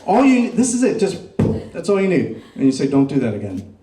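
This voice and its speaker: A middle-aged man performing a stand-up comedy set, doing crowd work and dropping deadpan dark punchlines on a club stage. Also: a little high, brisk. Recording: roomy club sound, mic picked up from a distance.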